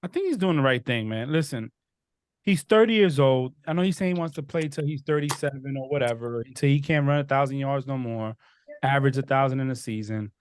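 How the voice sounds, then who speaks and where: A man hosting a casual sports podcast, giving blunt, animated opinions. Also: mid-range voice, brisk, clear, resonant tone, dry recording, clean studio sound. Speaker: podcast host.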